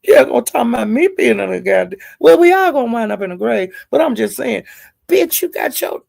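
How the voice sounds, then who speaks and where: A woman's voice: a little high, lively intonation, gravelly, darkish tone, dry recording, studio quality. A woman hosting a live stream, ranting and cursing heatedly at someone while chatting with viewers. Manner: cursing, heated, drawn-out insults. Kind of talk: angry profane rant to viewers.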